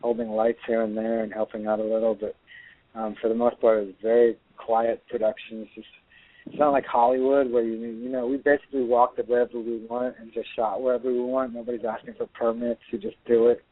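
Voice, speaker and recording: A middle-aged actor and filmmaker, talking earnestly as a guest in a radio interview, rambling with many restarts. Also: male voice, mid-range voice, little pitch movement, brisk, no room sound. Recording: tinny dry phone line.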